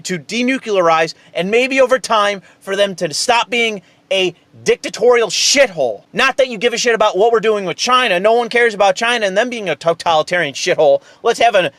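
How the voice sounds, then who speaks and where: Angry high-voiced man ranting. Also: a bit bright, no echo. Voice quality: high-pitched voice. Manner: heated, profane, sarcastic. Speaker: political commentary host. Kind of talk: angry political rant.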